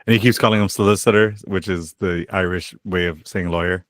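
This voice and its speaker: A man's voice: sits low, fairly even intonation, fairly quick, a bit bright, dry recording. A man co-hosting a podcast, chiming in casually with short agreements and comments. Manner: short agreeing interjections, laid-back. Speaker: podcast co-host. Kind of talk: casual chat.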